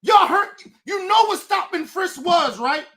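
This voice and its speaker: This is a woman hosting a livestream rant, her voice high and bright. She speaks angrily, swears constantly, and often rises to a shout. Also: lively intonation, measured pace. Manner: angry, profane, often shouting. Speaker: streamer, show host.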